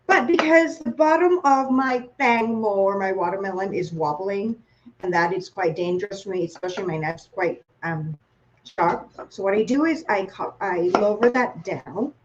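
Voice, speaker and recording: A woman's voice: mid-range voice, moderate pace, highs cut off, a little hiss or hum. A woman from Thailand with a Thai accent, hosting a live online cooking class, chatty and playful, asking viewers questions as she works.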